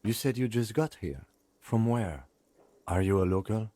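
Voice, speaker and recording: An actor playing a reserved police lieutenant in a game, asking measured, matter-of-fact questions. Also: male voice, on the low side, animated, dark tone, no room sound. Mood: composed. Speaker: game character. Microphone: studio voice-over.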